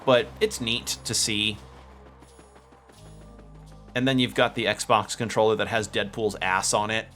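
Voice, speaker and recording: A man's voice: on the low side, level tone, measured pace, pauses often, a bit bright. A man streaming a video game, chatting casually and rambling, swearing now and then. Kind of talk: casual gameplay commentary. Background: game music.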